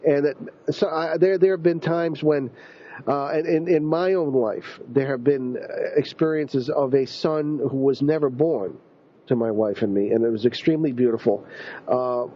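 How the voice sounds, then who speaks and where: A man's voice: medium pitch, normal speed. Male host, casual rambling delivery, dull radio recording. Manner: rambling, with frequent ums and restarts.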